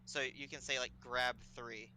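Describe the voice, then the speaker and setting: A man running a tabletop game online, with a very bright, forceful voice and faint hum behind him. He explains rules patiently and hums and haws while checking notes. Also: mid-range voice, flat delivery, unhurried, low-quality recording. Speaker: game master.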